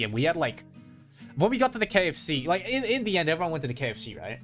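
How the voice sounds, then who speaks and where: A man's voice: mid-range voice, fairly quick. A man streaming casual chat, telling a story with lots of swearing and acting out his friends' lines. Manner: animated, swearing, acts out friends' voices. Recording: faint guitar music behind.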